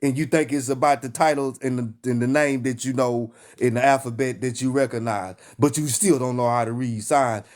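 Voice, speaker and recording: A man's voice: mid-range voice, fairly even intonation, moderate pace, few pauses, darkish tone. A man with a Texan accent preaching with fire in a live stream, emphatic and repetitive, hammering his lines like a call and response. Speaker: online preacher.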